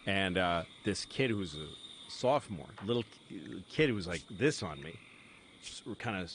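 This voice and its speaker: A man with a fairly low voice tells long, wandering stories on a podcast and laughs at himself as he goes. A loud hiss sits under his voice, along with cricket and insect sounds. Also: animated, moderate pace. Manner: rambling storyteller who laughs at his own stories. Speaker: podcast guest. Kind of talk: casual chat, telling anecdotes. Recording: podcast audio under loud background noise.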